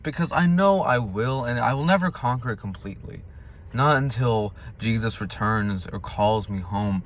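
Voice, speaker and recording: A young man vlogging a personal faith reflection, earnest and confessional, now and then flaring into loud, impassioned outbursts. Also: mid-range voice, lively intonation, normal speed.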